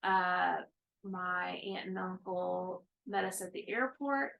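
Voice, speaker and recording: A woman's voice: lowish voice, slow, creaky, lo-fi sound. A woman in her thirties, co-hosting a casual chat about cross-stitching, rambling with many fillers.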